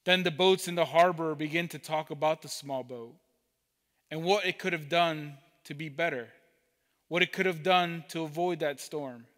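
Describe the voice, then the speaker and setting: A man preaching, telling a parable slowly and deliberately as a pastor. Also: a little high, a bit bright, big-room sound. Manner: slow, deliberate storytelling. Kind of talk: sermon storytelling. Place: church sanctuary.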